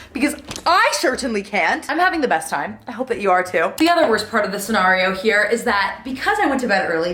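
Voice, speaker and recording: A woman vlogger in casual chat, venting in a self-deprecating way and jumping around in pitch as she talks. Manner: animated, with sudden jumps in pitch.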